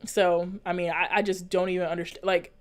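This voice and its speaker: A woman's voice: lowish voice, little pitch movement, brisk. A young woman talking casually and earnestly to her viewers as a vlogger, rambling with lots of fillers and restarts. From United States. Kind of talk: casual chat, reading and answering live comments.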